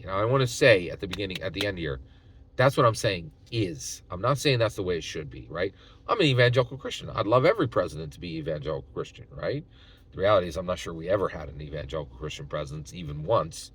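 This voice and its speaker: A man talking straight to his viewers in a loose, folksy way, tossing in "right?" after nearly every point. His voice sits a little low but swings up and down with plenty of life. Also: fairly bright tone. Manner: folksy, opinionated, frequent "right?" tags. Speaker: channel host. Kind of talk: casual opinion commentary.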